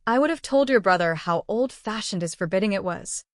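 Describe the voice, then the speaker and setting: A woman reading an audiobook, voicing a lively, quick-retorting young noblewoman. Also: medium pitch, dry recording, studio quality, natural voice. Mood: spirited. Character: spirited young noble wife and mother.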